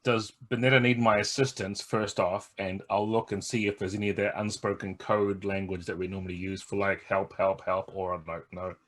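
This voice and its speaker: A low-voiced man describes his character's actions and then walks the group through the game's rules. He is earnest and explains things step by step. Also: level tone, moderate pace, few pauses, a bit bright. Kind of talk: playing and explaining a tabletop game.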